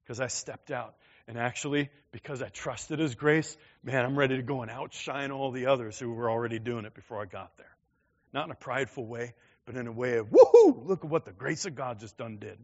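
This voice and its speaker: Male pastor, mid-pitched, emphatic conversational sermon, slightly dull recording.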